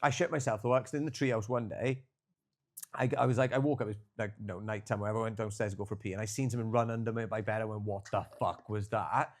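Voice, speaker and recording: A man's voice: on the low side, fairly even intonation, racing. A young man, co-hosting a podcast and rambling through travel stories full of fillers and swearing. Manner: rambling storyteller, swears freely, filler-heavy. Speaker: podcast co-host. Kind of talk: casual chat.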